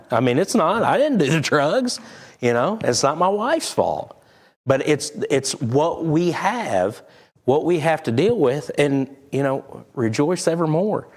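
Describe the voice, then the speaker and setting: A man preaching a sermon, talking candidly and conversationally. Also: a little high. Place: church sanctuary.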